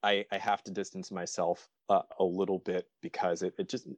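An earnest man speaks as a guest on a casual podcast, picking his words slowly in short, halting phrases. His voice sits fairly low. The sound is dry and close. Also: flat delivery, dry recording. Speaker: podcast guest, actor and writer.

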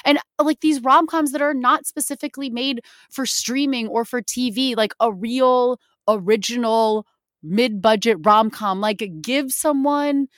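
A young woman co-hosting a casual film podcast, animated and playfully sarcastic, laughing often. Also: on the high side, measured pace, no room sound, clean studio sound. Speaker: podcast co-host. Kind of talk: casual chat about films.

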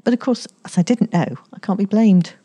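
A woman reading aloud who voices a headstrong, lofty young woman, a little higher than her narration. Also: a little fast, warm tone, husky, natural voice. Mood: spirited.

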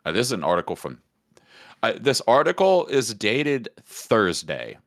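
A man's voice: fairly low pitch, wildly swooping pitch, a little slow, a bit bright. A man co-hosting a podcast in casual comedic chat, joking and riffing on silly bits. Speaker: podcast co-host.

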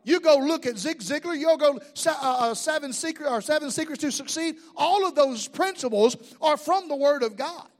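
A man's voice: very high voice, animated, moderate pace, hardly any pauses. A middle-aged man preaching a sermon as pastor, folksy and joking, asking the crowd questions.

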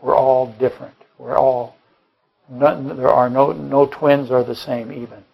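A man's voice: mid-range voice, little pitch movement, unhurried, vocal fry, slightly rough, dull audio. A man preaching a Bible-study sermon, rambling and correcting himself mid-sentence, firing off rhetorical questions and dropping joking asides. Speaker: pastor.

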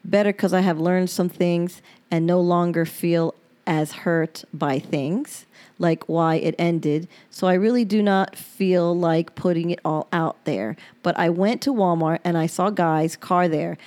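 Woman with a dark, mellow voice. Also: on the low side, steady tone, measured pace. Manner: frank and emotional, with swearing. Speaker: podcast host reading her journal aloud. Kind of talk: reading personal diary entries aloud.

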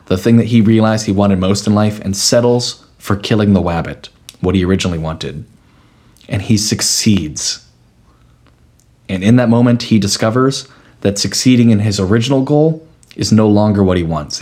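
A man's voice: fairly low pitch, a little mellow. A man co-hosting a podcast, walking through his ideas in a playful, analytical way. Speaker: podcast co-host. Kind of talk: casual chat.

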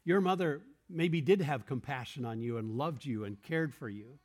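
A male preacher talks to a congregation in an earnest, explanatory way. He poses simple questions and answers them himself, and his voice sits at an ordinary middle pitch for a man. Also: moderate pace. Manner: earnest, explanatory, with rhetorical questions and quoted verses. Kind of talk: sermon. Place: church room with a congregation.

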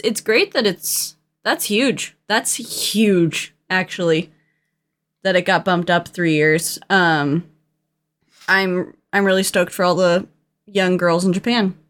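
A young woman co-hosting a casual movie podcast, animated and chatty, with lots of fillers and restarts. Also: mid-range voice. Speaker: podcast co-host.

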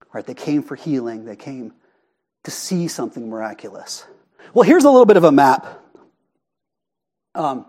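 Animated high-voiced preacher. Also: male voice, husky. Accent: Arizona. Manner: animated and conversational, often asking the congregation questions. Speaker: pastor. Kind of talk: sermon. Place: church sanctuary.

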